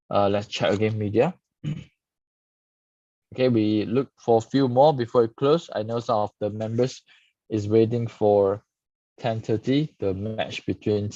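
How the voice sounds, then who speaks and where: A man's voice: fairly low pitch, mellow, no room sound. A man reviewing stock charts live, peppering his talk with "okay". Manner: frequent "okay" tags, casual explaining. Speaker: stock market analyst host. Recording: dull lo-fi dry sound.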